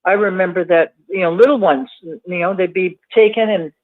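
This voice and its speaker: A woman's voice: fairly low pitch, normal speed. A woman hosting an interview, sympathetic and affirming, calling her guest honey. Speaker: host. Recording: tinny phone-line sound.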